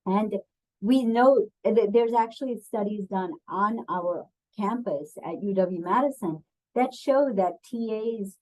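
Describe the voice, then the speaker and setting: A woman's voice: lowish voice, poor audio. A woman presenting a webinar on bias, talking in a conversational way with frequent ums and putting questions to her audience. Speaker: diversity and bias trainer.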